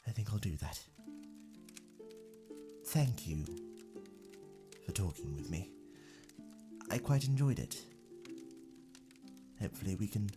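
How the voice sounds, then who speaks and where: A man voicing a gentle, courteous tavern keeper in an ASMR role-play, speaking politely and softly with halting repetitions. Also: on the low side. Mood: wistful.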